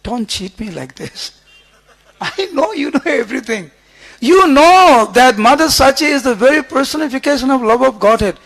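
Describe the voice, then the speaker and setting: A man's voice: very high-pitched, expressive, fairly quick, full character voice. A man acting out an outraged devotee. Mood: pleading. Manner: loud, emphatic, rebuking. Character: indignant devoted man scolding his lord.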